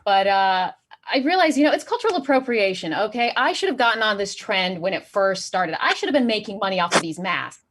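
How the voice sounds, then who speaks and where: A woman's voice: medium pitch, expressive, brisk, a bit bright. Brief: woman from Saudi Arabia doing stand-up, mid-range voice, dry punchlines, chuckles at her own jokes. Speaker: stand-up comedian. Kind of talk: online stand-up set.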